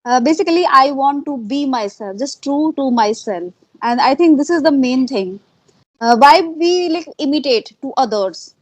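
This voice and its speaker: A woman's voice: high-pitched, animated, moderate pace, no room sound, low-quality recording. A woman with an Indian accent, talking earnestly in a casual interview, often repeating herself and using fillers. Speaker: interviewee, English learner. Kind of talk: casual conversation.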